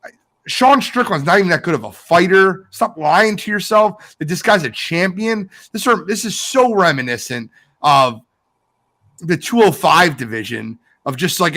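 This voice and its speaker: A man on a sports podcast launches into an exasperated, emphatic rant. His voice sits high and swings widely in pitch. The tone is bright and forceful. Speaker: podcast co-host. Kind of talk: heated sports podcast talk.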